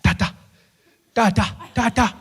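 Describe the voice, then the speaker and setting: A man's voice: a little slow, a bit bright. A man voicing an anxious young male aide with a South African accent in a stand-up bit, pleading in a panicky, raised voice. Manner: pleading, panicky, higher-pitched. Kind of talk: stand-up impression.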